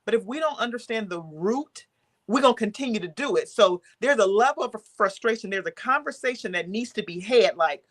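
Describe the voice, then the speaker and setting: A woman's voice: mid-range voice, lively intonation, brisk. A woman on a podcast explaining her view firmly, point by point, with rhetorical questions. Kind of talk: casual chat.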